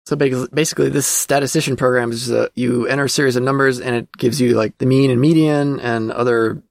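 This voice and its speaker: A man's voice: mid-range voice, steady tone, fairly quick, vocal fry, no echo, studio quality. A man hosting a casual podcast, reading through an old magazine and commenting as he thinks aloud, with plenty of fillers. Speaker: podcast host.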